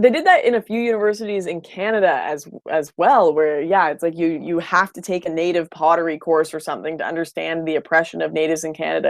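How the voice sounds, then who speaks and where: A woman's voice: low voice, quick pace, hardly any pauses, no room sound, studio quality. A woman hosting a casual livestream, answering viewer comments in a blunt, opinionated way with frequent restarts. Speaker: livestream host.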